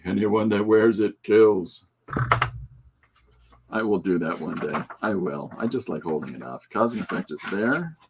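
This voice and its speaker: Fairly low in pitch with a breathy edge, this man's voice carries a casual, rambling chat on his own show. As a comic artist and podcast host, he walks through his pages with jokes, fillers and side remarks.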